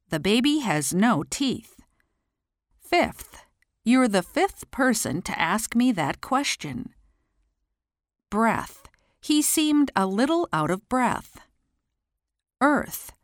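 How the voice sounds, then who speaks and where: A woman teaching pronunciation, reading single words and then short example sentences with careful, deliberate enunciation. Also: mid-range voice, dry recording, studio quality. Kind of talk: slow pronunciation drill, word then sentence.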